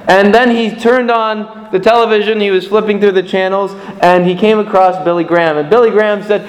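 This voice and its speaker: A man giving a sermon in an earnest, measured way, repeating lines of prayer. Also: a little high, roomy sound, long reverb tail, low-quality recording.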